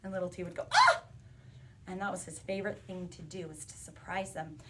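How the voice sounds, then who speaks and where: A woman telling a playful phonics story and lesson to young children in an animated, sing-song teacher voice. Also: fairly low pitch, fast talker, far from the mic. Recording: roomy sound from a bit off the mic, faint background hiss.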